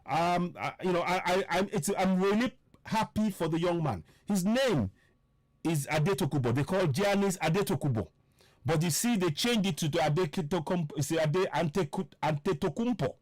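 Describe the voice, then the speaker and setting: Fervent man with a lively voice. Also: sits high, normal speed, no echo. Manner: fervent, preachy, full of repeated rhetorical questions; repeats himself for emphasis. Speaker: political commentator. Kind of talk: impassioned political monologue.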